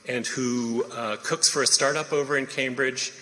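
A man introducing the cast of a play reading, halting with many pauses and fillers. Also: mid-range voice, steady tone, sharp tone. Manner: halting, many ums and uhs. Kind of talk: casual spoken introduction. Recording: reverberant hall.

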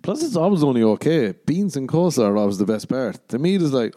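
A man's voice: medium pitch, very animated, fast talker, hardly any pauses, warm tone. A young man hosting a rambling solo podcast, profane and jokey, often slipping into exaggerated mock voices. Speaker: podcast host.

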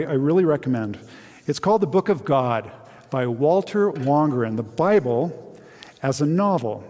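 A man's voice: on the high side, a little mellow. A man preaching a sermon in an earnest, openly moved way, reading a story and leading a prayer. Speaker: pastor. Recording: reverberant hall.

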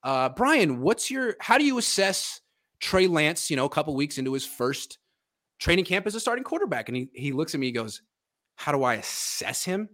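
A man's voice: on the high side, sing-song, brisk, fairly bright tone. A man hosting a casual sports podcast, animatedly breaking down football film and chatting with his father. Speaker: podcast host.

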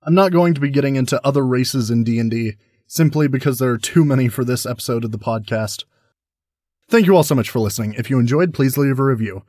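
A man with a husky voice hosts an explainer podcast. He talks in a friendly way and lays things out in plain steps. The sound is dry and close. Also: medium pitch, quick pace, darkish tone, no echo. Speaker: podcast host.

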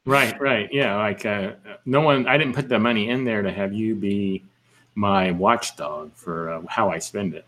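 A man's voice: fairly low pitch, measured pace, fairly bright tone. A man chatting casually as a podcast co-host, telling stories with lots of fillers and restarts. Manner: rambling storyteller, lots of fillers. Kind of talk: casual chat.

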